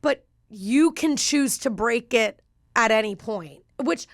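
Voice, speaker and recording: Woman, comedian guest, chatty storyteller, higher voice, dry close sound. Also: lively intonation, slow, no room sound. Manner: chatty, with frequent fillers and laughter. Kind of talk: casual chat, personal storytelling.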